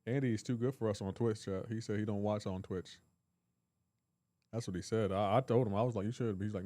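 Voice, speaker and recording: A man's voice: on the low side, steady tone, fast talker, warm tone, no echo. A man hosting a live game stream, joking around in casual chat and answering his viewers' comments aloud.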